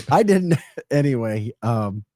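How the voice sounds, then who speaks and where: Energetic St. Louis morning radio host. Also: male voice, mid-range voice, slow pace, no echo. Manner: energetic, rambling, laughs a lot. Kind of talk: casual talk radio. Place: radio studio.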